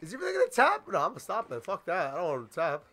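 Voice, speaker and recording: Hyped gamer dude swearing at the screen, high bright voice, all over the place. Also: male voice, racing. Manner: excitable, swearing, yelling at the game. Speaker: gaming YouTuber. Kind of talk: let's play commentary.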